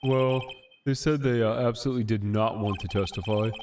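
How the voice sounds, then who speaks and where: An earnest, bumbling police detective voiced by a man stumbles over his words with fillers and restarts. Game music plays clearly underneath. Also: medium pitch, steady tone, natural voice. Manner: hesitant, halting, with fillers.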